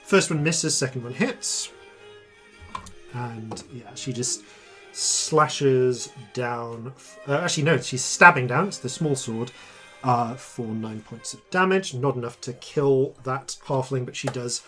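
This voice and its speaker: Slow, halting man running a tabletop game. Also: mid-range voice, fairly bright tone, soft background music. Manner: halting, many fillers and self-corrections. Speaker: dungeon master.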